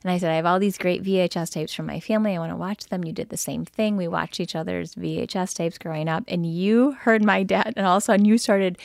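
A woman's voice: fairly low pitch, fairly even intonation, fast, vocal fry, hardly any pauses. This woman co-hosts a casual podcast chat, talking freely and laughing often. She sometimes trails off when she loses a thought. Her voice sounds close and dry, with no room echo. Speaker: podcast co-host.

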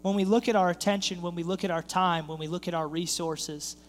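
A man with a high voice preaches a sermon, telling a story and playing out the people in it as his energy builds. The sound carries a long reverb from a large church hall. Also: fairly even intonation, brisk, a little hiss or hum. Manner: storytelling, acts out quoted voices, builds in intensity. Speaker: pastor. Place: church sanctuary.

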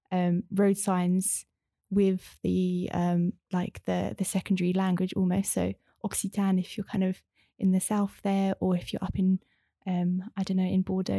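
A woman's voice: mid-range voice, vocal fry, dark tone, no echo, studio quality. A young woman in casual conversation, talking in a chatty, rambling way with many fillers. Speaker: interview guest, former language student.

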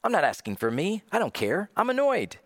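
A man's voice: on the low side, wildly swooping pitch, normal speed, sharp tone, husky, dry recording, clean studio sound, exaggerated voice. A man voicing an irritated, sarcastic male Roman governor in a sermon retelling, exasperated and clipped. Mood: annoyed.

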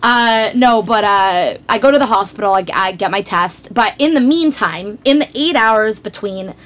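A woman guest on a podcast, telling a story in casual chat, animated and self-mocking with frequent laughs. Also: medium pitch, moderate pace.

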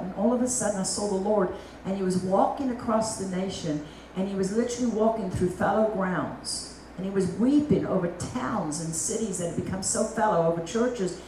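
A woman evangelist from Africa preaching a sermon at an evening meeting, animated and acting out the voices of God and other people. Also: medium pitch, a little fast, a little hiss or hum. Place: meeting hall. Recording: roomy, distant mic.

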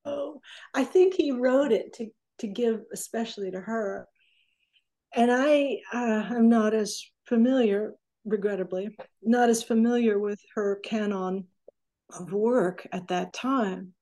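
Mellow-voiced woman in her sixties, storytelling. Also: a little high, a little slow. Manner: animated, acts out quoted remarks. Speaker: interview guest, recording engineer. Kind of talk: conversational storytelling.

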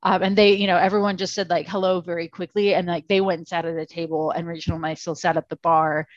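A woman co-hosting a podcast in casual chat, tired and gravelly voiced, rambling with lots of fillers and restarts. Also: fairly low pitch, flat delivery, quick pace, no echo, highs cut off. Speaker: podcast co-host.

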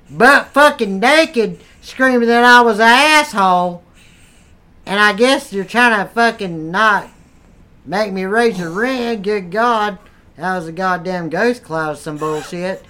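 A man's voice: high-pitched, sharp tone. A man hosting a podcast, rambling in crude, profane comedic banter and laughing often. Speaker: podcast host.

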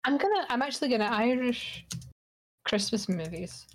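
A woman's voice: a little high, animated, normal speed. A woman co-hosting a podcast, chatting in a rambling, wry way. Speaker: podcast co-host. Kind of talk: casual chat.

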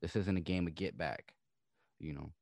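A man's voice: low voice, moderate pace, creaky, a little mellow, no echo. A man, a former police officer, talking in a laid-back way in casual conversation and chiming in with comments.

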